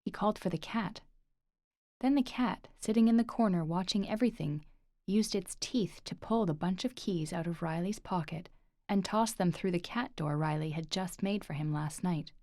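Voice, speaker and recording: This is scripted audiobook narration by a woman with a lowish voice, delivered evenly and with measure. The studio-quality recording has no echo.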